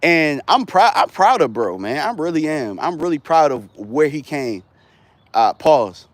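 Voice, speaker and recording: A man talking football on a casual live stream, animated and rambling, full of slang. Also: a little high, normal speed, dry recording. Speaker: sports streamer.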